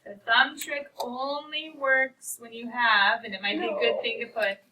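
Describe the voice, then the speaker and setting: At a measured pace, a woman with a voice on the high side, pushed and bright, teaches precalculus. Her lecture is playful and encouraging, and she talks about equations as if they were people. A distant mic records it with faint noise.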